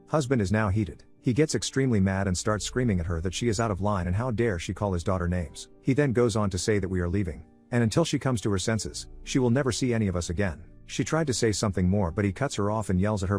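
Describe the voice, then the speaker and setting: A man narrating an online story as scripted narration, with a steady, even read-aloud delivery. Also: lowish voice, fast, soft background music.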